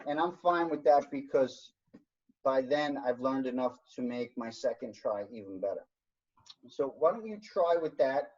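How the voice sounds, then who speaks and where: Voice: mid-range voice, animated, normal speed, a little mellow, breathy edge. Online workshop instructor, encouraging, patient step-by-step explaining, muffled video call sound. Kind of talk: online science workshop teaching. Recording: dull lo-fi video call audio.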